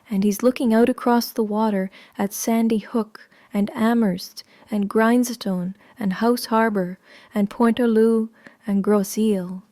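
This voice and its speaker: A woman narrating a story in the first person, in a slow, hushed way that often drops to a whisper. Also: mid-range voice, no echo, clean studio sound.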